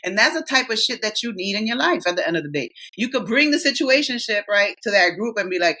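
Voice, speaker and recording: A woman's voice: mid-range voice, sing-song, quick pace, few pauses, pushed and bright. A woman in her thirties co-hosting a podcast, chatting candidly and swearing freely as she tells stories and acts out friends' lines. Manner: candid, profane, storytelling with quoted voices. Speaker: podcast co-host. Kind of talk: casual chat.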